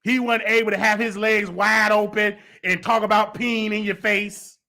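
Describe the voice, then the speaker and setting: A man hosting a gossip commentary show, with a high, sharp and tense voice. He talks in a heated, sarcastic way and mocks the people he discusses. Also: little pitch movement, moderate pace. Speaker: host.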